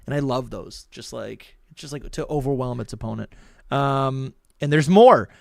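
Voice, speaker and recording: A man co-hosting a podcast in casual chat, excitable, often stumbling and restarting, who also reads entries aloud. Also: mid-range voice, normal speed, creaky, no echo, studio quality. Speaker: podcast co-host.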